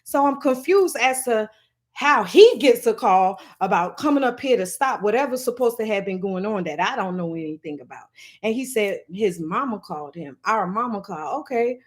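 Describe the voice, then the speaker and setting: A woman talks straight to camera in a casual storytime vlog. She is animated and blunt, swears freely, and slips into the voices of the people she quotes. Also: medium pitch, moderate pace. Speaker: vlogger telling a story.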